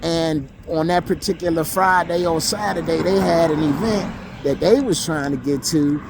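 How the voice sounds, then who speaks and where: A man's voice: a little high, moderate pace, noisy background. A man giving a blunt, emotional monologue, profane and repeating himself for emphasis. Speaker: vlogger.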